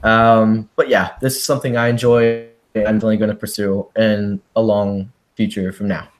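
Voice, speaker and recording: Relaxed young man, casual interviewer. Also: on the low side, fairly quick. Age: young adult. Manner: relaxed, hesitant, lots of ums. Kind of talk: casual chat.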